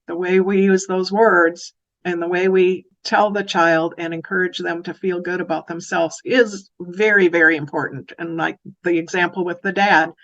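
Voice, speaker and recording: A woman speaking as an early childhood educator, giving an educational talk that turns animated when she acts out phrases to children. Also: fairly low pitch, muffled recording.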